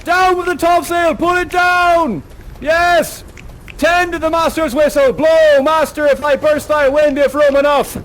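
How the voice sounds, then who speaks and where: A man playing a ship's bosun, shouting frantic orders to sailors in a storm. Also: very high voice, steady tone, a little slow, pitched above the performer's own voice.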